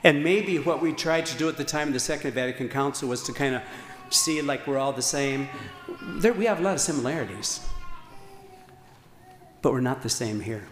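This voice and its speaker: A man's voice: mid-range voice, normal speed. A priest preaching to his congregation in a large church, his voice carrying with a long, roomy reverb and a faint hum of ambience behind it. He speaks with earnest conviction, hammering home points through repetition, and sometimes trails into small fillers as he searches for a word. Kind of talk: sermon.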